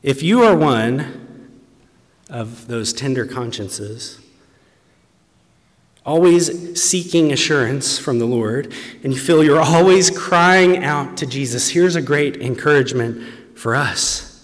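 A man preaching a sermon with earnest conviction, dropping to hushed tones and then rising to emphatic, raised passages. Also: mid-range voice, animated, slow, pauses often. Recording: long reverb from a large hall.

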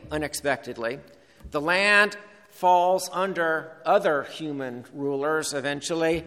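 Slow-speaking male preacher in a hall. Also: a little high, sharp tone. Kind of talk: sermon.

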